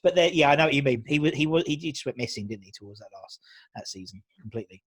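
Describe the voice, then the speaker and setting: A man hosting a casual chat, talking quickly and loosely with many restarts. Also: mid-range voice, animated, slightly rough. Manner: chatty, quick, full of fillers and restarts. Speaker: host.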